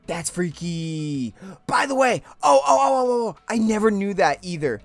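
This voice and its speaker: A woman's voice: medium pitch, animated, unhurried, no echo, soft background music. A young woman hosting a gaming channel, chatting casually and poking fun at herself as she plays. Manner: chatty and self-mocking. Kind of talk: casual let's play commentary.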